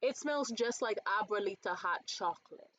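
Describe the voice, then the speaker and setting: A young woman in casual vlog chat about a beauty haul, animated and swearing freely, jumping up high when quoting others. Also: moderate pace, slight background noise. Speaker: beauty vlogger. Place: bedroom.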